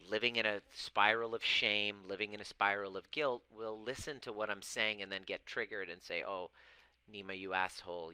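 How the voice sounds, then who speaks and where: A man in his forties who coaches and used to be a chiropractor, giving a monologue to camera. He stresses words by stretching them slowly and often restarts phrases. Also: on the low side, bright, forceful tone, smooth, no echo, poor audio. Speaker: self-help coach and former chiropractor. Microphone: camera mic.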